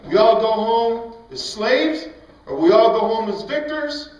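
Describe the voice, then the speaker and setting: A man playing a boastful giant warrior who issues a slow, taunting challenge to an enemy army. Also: very high voice, lively intonation, darkish tone. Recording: echoey hall, mic far off, dull sound.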